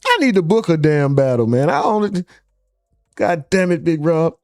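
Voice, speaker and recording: A man's voice: fairly high pitch, big pitch swings, normal speed, a little mellow, dry recording, studio quality, faint music behind. A man hosting a live stream, casually reading out chat comments and joking with viewers. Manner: loose, joking, reads chat names aloud.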